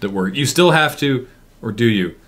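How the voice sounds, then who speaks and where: A man's voice: mid-range voice, expressive, normal speed, a bit bright. A man hosting a stream aftershow, chatting casually and rambling with plenty of fillers. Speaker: stream host. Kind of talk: casual chat.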